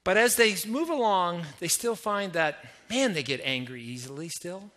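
A middle-aged Canadian pastor preaches in a lively, conversational way and keeps drawing his congregation in with questions. His voice sits high for a man. It has a bright, forceful ring. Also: moderate pace. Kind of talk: sermon.

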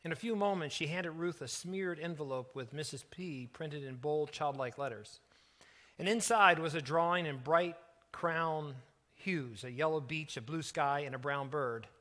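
A middle-aged man preaching as a pastor, telling a story earnestly and softening for its emotional moments. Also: on the high side, moderate pace. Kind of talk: sermon storytelling.

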